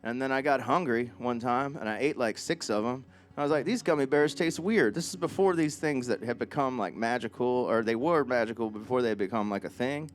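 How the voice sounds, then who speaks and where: A man's voice: medium pitch, a little fast, few pauses, faint music behind. A man, a singer-songwriter, chatting between songs at a small live club, telling rambling, joking anecdotes into a stage mic. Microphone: stage vocal mic.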